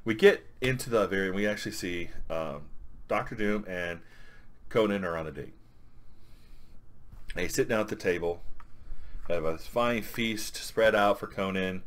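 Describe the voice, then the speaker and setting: A man's voice: sits low, moderate pace, pauses often, fairly bright tone. A man reviewing a comic in a casual, rambling way, with lots of fillers.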